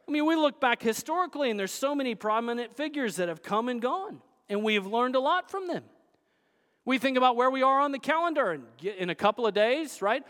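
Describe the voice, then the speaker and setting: A man preaching a sermon as pastor, emphatic, swinging between loud declarations and hushed asides. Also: very high voice, expressive, moderate pace, long reverb tail.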